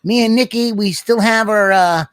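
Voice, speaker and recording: A man's voice: sits high, normal speed, fairly bright tone, smooth, no room sound. A man co-hosting a comedy podcast, rambling loosely with lots of "you know" and "man". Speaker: podcast co-host. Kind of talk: casual comedy podcast banter.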